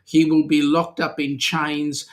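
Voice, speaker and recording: A man's voice: on the high side, little pitch movement, measured pace. A middle-aged Australian man co-hosting a casual live-stream chat, greeting viewers and teasing them, with plenty of ums and uhs. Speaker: co-host of a weekly cruising chat.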